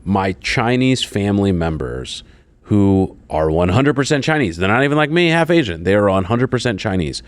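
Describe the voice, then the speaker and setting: Blunt low-voiced male guest. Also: very animated, moderate pace, no echo. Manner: blunt, joking, swears. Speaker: lawyer guest. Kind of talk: political commentary chat.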